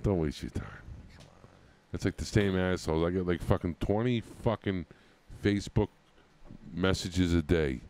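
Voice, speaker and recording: A man's voice: low-pitched, normal speed, a little mellow. A man hosting a live stream, chatting casually in a crude, joking way and laughing often. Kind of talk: casual banter.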